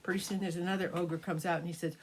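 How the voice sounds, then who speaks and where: An older woman, a grandmother, improvising a children's story, animated and sometimes dropping to hushed whispers. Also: on the low side, quick pace, a little hiss or hum.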